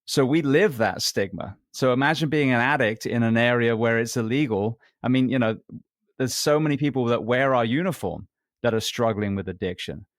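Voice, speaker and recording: A man's voice: mid-range voice, normal speed, no room sound, studio quality. A man hosting a podcast, speaking bluntly and emphatically about his opinions. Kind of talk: conversational interview talk.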